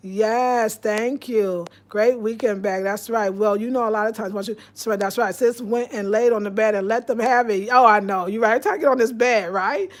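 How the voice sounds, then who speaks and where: A woman's voice: a little high, normal speed, hardly any pauses. Outspoken woman host on a live stream. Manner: outspoken, preachy, reads viewer comments aloud. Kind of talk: casual live-stream chat.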